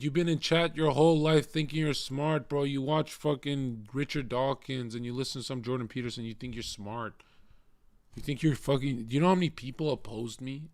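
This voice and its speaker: A man's voice: medium pitch, no echo. Profane taunting male streamer, dry sound. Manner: profane, taunting, mocking insults. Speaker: live streamer. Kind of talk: angry rant at a chat viewer.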